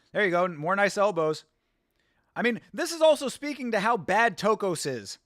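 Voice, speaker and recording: A man hosting a fight watch-along, giving casual, excitable reaction commentary. He yells at the fighters, laughs often and sits close to the mic. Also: sits high, moderate pace, no echo.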